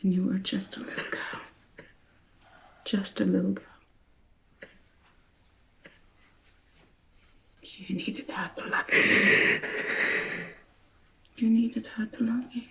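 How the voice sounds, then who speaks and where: A woman facilitator softly whispering words of comfort to a participant. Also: mid-range voice, steady tone, a little slow, gravelly, pauses often. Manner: soft, hushed whisper. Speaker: workshop facilitator.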